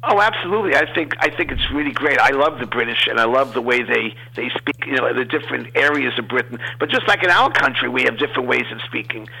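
A man from New York, a guest on a radio talk show, giving measured opinions in casual chat. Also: mid-range voice, animated, creaky, bright, forceful tone, breathy edge, rough recording. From Queens, New York. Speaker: guest commentator.

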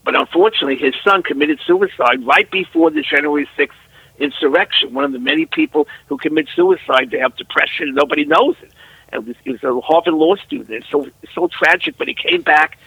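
Gravelly, husky older man, earnest. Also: on the high side, quick pace, no room sound, muffled recording. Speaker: guest political commentator. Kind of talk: phone-in radio talk.

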